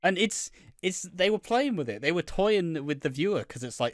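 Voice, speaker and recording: A man's voice: high-pitched, lively intonation, moderate pace, no room sound, studio quality. A man co-hosting a podcast, recapping scenes in a rambling way with frequent restarts. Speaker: podcast co-host. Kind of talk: casual podcast chat.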